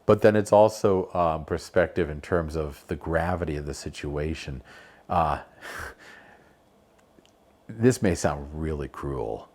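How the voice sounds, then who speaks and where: A man as a podcast guest in casual conversation, an animated storyteller who laughs often. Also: a bass voice, slow pace.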